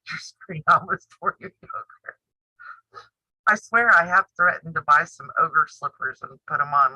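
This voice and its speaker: A woman in her fifties chats live with her viewers, blunt and teasing, laughing often. Her voice is very bright and sharp. It sounds dry and a little dull, like a modest home mic. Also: lowish voice, no room sound. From United States. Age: 50s. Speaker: sewing and quilting channel host. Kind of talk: casual live-stream chat.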